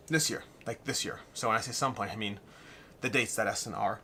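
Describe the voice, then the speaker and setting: A man's voice: mid-range voice, wildly swooping pitch, fairly quick, pushed and bright, a little hiss or hum. A man hosting a weekly live Q&A stream, reading viewer comments and thinking aloud in a rambling way, a little out of breath.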